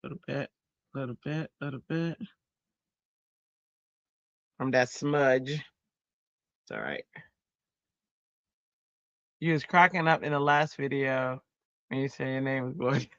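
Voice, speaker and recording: A woman hosting a crafting stream, chatting casually and telling stories in an animated way while she works. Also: rumbling low, takes it slowly, pauses often, no echo, dull audio. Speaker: crafting channel host.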